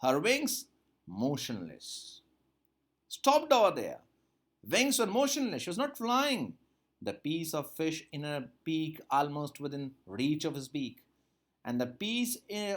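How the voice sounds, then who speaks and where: A man teaching a textbook story, reading each line aloud and then repeating and explaining it. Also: a little high. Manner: reads a line, then repeats and paraphrases it with rising emphasis. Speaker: English teacher.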